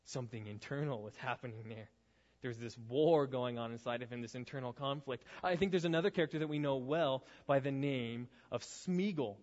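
A man preaching a youth sermon to high schoolers, telling stories in a loose, conversational way with casual asides. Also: fairly quick, a little mellow. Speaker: youth pastor. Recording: reverberant hall, dull lo-fi sound.

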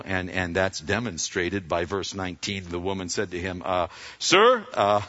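A man's voice: low-pitched, sing-song, measured pace, bright, forceful tone. A man preaching a sermon in a loose, conversational way, acting out the lines of the people he talks about. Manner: casual, conversational preaching with slang and quoted dialogue. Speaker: pastor. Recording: dull sound with long hall reverb.

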